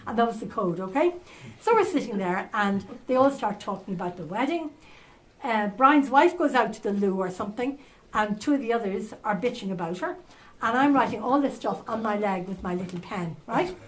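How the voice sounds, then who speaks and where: Older Irish woman telling lively anecdotes. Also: mid-range voice, moderate pace, rough recording. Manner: lively anecdotal, with fillers and asides. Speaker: journalist speaker. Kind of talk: storytelling talk to a live audience. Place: conference hall at a castle hotel.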